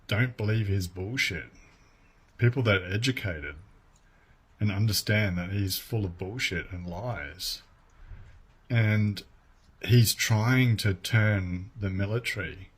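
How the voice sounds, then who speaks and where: A man giving earnest, measured commentary to camera. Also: lowish voice, slightly rough.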